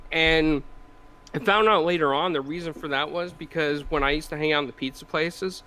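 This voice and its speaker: A man's voice: fairly high pitch, a little fast. A man co-hosting a casual podcast chat, telling chatty family anecdotes. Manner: chatty anecdotes, lively quoting of relatives. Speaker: podcast co-host.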